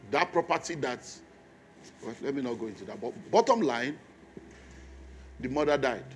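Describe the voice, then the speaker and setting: A man's voice: medium pitch, a little hiss or hum. A man preaching a sermon in a church, telling stories and repeating key phrases for emphasis.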